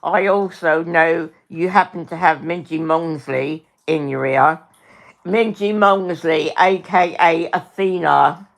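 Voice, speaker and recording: A middle-aged woman on a home livestream, talking slowly and deliberately but heated throughout. She swears freely, repeats herself, and keeps turning to address her viewers by name. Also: lowish voice, vocal fry. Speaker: livestream host. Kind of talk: angry livestream rant.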